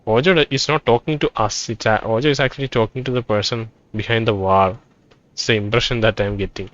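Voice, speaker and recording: A man playing a role-playing game, reading its text aloud and thinking out loud about what he finds. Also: lowish voice, steady tone, fairly quick, no echo, highs cut off. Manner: thinking aloud, reads dialogue in quoted turns. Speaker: let's play gamer.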